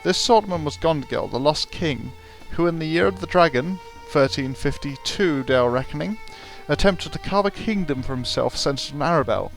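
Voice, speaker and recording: A man's voice: on the high side, animated, moderate pace, vocal fry, few pauses. A man casually commenting on a fantasy role-playing game with dry, wry asides. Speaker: let's play commentator. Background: game music.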